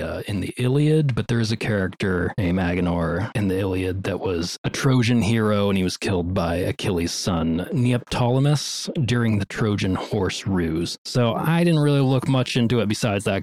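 A man's voice: low-pitched, dry recording, clean studio sound. A man co-hosting a fantasy book club podcast, chatting casually about the chapters and reading passages aloud. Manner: relaxed, chatty, reads quotes aloud.

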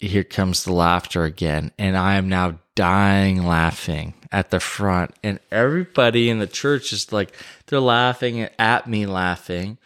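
A man with a very low voice tells a story at an unhurried pace. His tone is smooth and resonant, and he talks in a loose, rambling way with frequent fillers. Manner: relaxed, rambling with many fillers. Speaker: podcast host. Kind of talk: casual storytelling.

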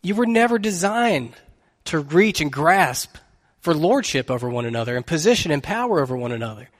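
A man's voice: a little high, animated, normal speed, big-room sound. A man preaching a sermon as pastor, telling a story in an earnest, conversational way.

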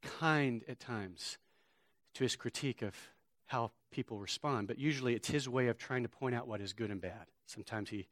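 A man preaching a sermon as a pastor, moving between loud, shouted passages and quiet storytelling. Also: medium pitch, moderate pace, no room sound.

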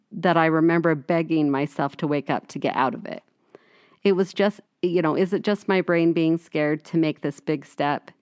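A woman's voice: deep voice, smooth, no room sound, clean studio sound. A woman in her forties co-hosting a podcast in casual chat, telling stories and acting out quoted lines. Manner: animated storyteller, acts out quoted lines. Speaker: podcast co-host.

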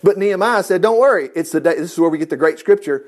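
A man's voice: fairly high pitch, fast. A man leading an informal Bible study, reading scripture aloud, joking and acting out the quotes in a folksy way.

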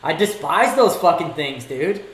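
Guy on a podcast cracking jokes, swearing, kinda high voice, echoey room. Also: expressive, unhurried. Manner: joking, swearing, teasing. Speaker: podcast guest. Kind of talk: casual chat.

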